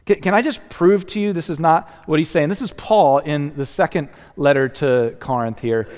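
A man's voice: fairly high pitch, normal speed. Earnest male pastor in a reverberant sanctuary. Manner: earnest, conversational, with many restarts and sudden soft drops. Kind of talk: sermon. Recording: long hall reverb.

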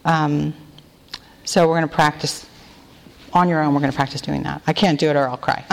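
A woman giving a devotional talk to a group, gentle and prayerful, stretching key phrases slowly and leading the listeners in repeating them. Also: deep voice, gravelly, a little hiss or hum. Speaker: women's retreat speaker. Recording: long hall reverb.

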